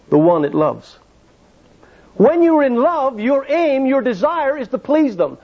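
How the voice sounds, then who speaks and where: Guy preaching a sermon, pretty high voice, lots of stories and "why?" questions, sounds kinda muffled. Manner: storytelling, rhetorical questions. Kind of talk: evangelistic sermon. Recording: dull lo-fi sermon recording.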